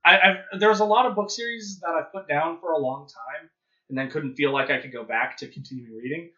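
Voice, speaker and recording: A man's voice: on the high side, fairly quick, sharp tone. A man co-hosting a podcast, chatting casually and hesitantly with stammered restarts. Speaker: podcast co-host. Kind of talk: casual chat. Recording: dull lo-fi sound.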